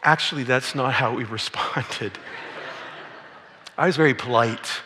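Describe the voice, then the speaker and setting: A man's voice: mid-range voice, a little slow, long pauses, sharp tone, slight background noise. A middle-aged man preaching a sermon as pastor, conversational and storytelling, with playful acted quotes. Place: church sanctuary. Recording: long reverb of a large hall.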